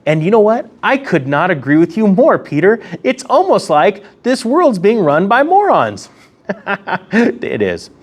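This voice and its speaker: A man's voice: high voice, normal speed, hardly any pauses. A man hosting his own economics commentary vlog, talking casually and sarcastically from a room near a window. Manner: sarcastic, animated, laughs at own jokes. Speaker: host of an economics commentary channel.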